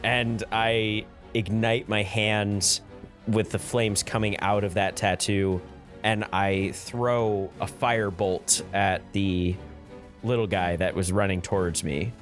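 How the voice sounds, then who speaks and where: A man with a somewhat low voice plays a tabletop game. He describes his moves in an easygoing way with small hesitations, over quiet music. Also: steady tone, slow. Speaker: player. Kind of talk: in-character tabletop play.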